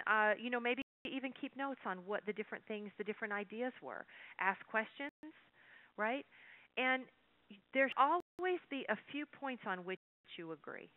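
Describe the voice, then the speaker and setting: A woman's voice: a little high, no echo. Folksy webinar presenter, woman, talks straight to her audience; tinny, dry phone-like audio. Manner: folksy, animated storytelling with asides to the audience. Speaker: workshop presenter. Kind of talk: live webinar lecture.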